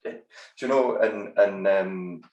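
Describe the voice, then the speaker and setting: A man's voice: lowish voice, slow, a little mellow, lo-fi sound, slight background noise. Scottish man in his fifties, roomy sound. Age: 50s. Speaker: podcast guest. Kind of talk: casual video-call interview. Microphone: video call from a spare room.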